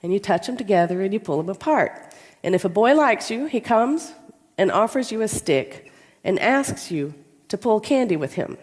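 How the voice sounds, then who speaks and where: A woman's voice: mid-range voice, moderate pace, lightly acted. A woman voicing her commanding grandmother in her nineties, telling a folksy story in a Southern accent. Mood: fond. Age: 90s. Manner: folksy, lively porch storytelling. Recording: long reverb in a large hall.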